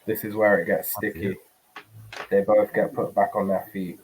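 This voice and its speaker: A man's voice: on the low side, level tone, normal speed, darkish tone, rough recording. A man commenting on a fight as a co-host of a live betting stream.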